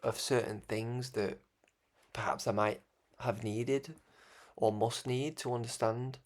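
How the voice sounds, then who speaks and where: Slow-paced and fairly level in tone, a medium-pitched man with a Scouse accent talks through his thoughts as host of his own broadcast. It's a meandering, reflective ramble that repeatedly restarts and dissolves into chuckles.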